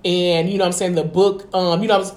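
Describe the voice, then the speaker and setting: Her voice is lowish, flat and somewhat dark, moving fairly quickly as she co-hosts a podcast in casual chat. This woman swears liberally and repeats "you know what I'm saying," recorded in an echoey room.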